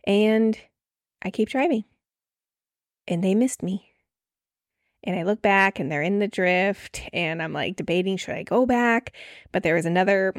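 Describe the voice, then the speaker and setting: A woman in her late twenties telling a personal story in a casual podcast monologue, animated and full of "like" fillers, acting out the voices of people she quotes. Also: on the low side, no room sound, studio quality. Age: late 20s. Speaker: podcast host.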